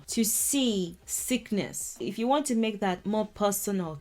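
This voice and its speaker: A woman teaching a language lesson who explains song lyrics word by word, laughing often and speaking in a lively, informal way. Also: medium pitch, measured pace, few pauses.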